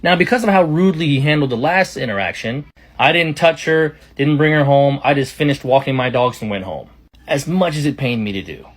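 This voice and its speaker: Rapid, chatty male storyteller. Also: medium pitch, husky. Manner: chatty, rapid retelling with quoted asides. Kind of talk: casual storytime narration.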